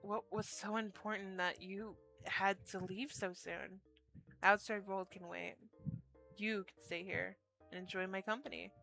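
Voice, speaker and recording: A woman's voice: mid-range voice, fairly even intonation, a little slow, creaky, bright, forceful tone, faint music behind. A woman voicing an eager, lonely male forest host with drooping ears, who stammers and pleads shyly. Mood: gentle.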